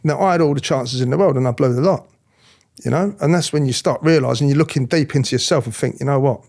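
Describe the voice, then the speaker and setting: A middle-aged man telling his story in an interview, animated, acting out other people's voices, often restarting his sentences. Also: mid-range voice, quick pace, creaky. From England. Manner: animated, acts out quoted voices, frequent restarts. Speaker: interviewee, former police officer.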